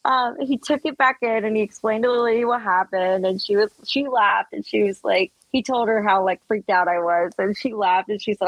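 A young woman co-hosting a podcast, telling a funny story in a giggly, animated way with lots of fillers. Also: medium pitch, a little fast, few pauses, no room sound, low-quality recording. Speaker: podcast co-host. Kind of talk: casual storytelling chat.

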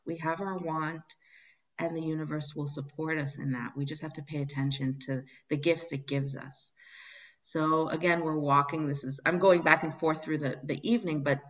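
A woman's voice: low-pitched, steady tone, moderate pace, a bit bright, lo-fi sound. A spiritual medium telling a personal story in a conversation, earnest and searching, often restarting her sentences.

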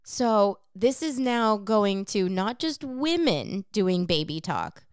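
A woman talking casually on a podcast, blunt and freely swearing as she lays out her point at length. Her voice is smooth and resonant, and the sound is close and dry with no room echo. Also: medium pitch, big pitch swings, takes it slowly. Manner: frank and profane, explaining at length. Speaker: podcast co-host. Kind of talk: casual chat.

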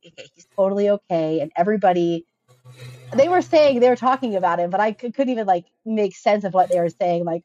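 Donna chiacchierona sulla trentina. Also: female voice, medium pitch, expressive, a little fast, dark tone, highs cut off. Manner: chatty, earnest, frequent "like" fillers. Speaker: podcast guest. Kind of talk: casual personal storytelling.

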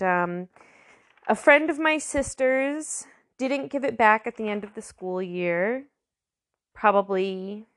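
A woman's voice: medium pitch, fairly bright tone. A woman giving a casual, rambling language lesson, full of fillers and restarts. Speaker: language tutor.

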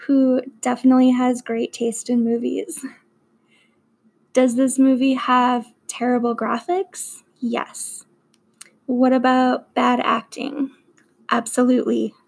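A woman's voice: high voice, vocal fry, darkish tone, rough recording. A young woman walking through her list of favorite movies in an earnest, enthusiastic way. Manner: earnest and enthusiastic, with emphatic superlatives. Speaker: vlogger reviewing favorite movies. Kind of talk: slow, deliberate countdown of a movie list.

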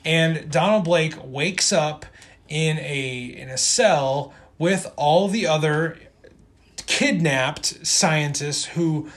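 Brief: male co-host with a fairly high voice, relaxed, rambling comic recap. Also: slow. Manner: rambling, many ums and restarts. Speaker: podcast co-host. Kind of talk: casual comic book recap.

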